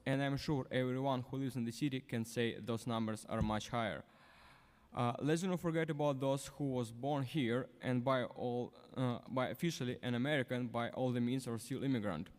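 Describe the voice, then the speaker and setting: A man's voice: medium pitch, darkish tone. Man reading testimony in a hall. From former Soviet country. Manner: halting, frequent uh fillers, non-native grammar. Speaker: public testimony speaker, civic activist. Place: large city hall hearing room. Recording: reverberant hall.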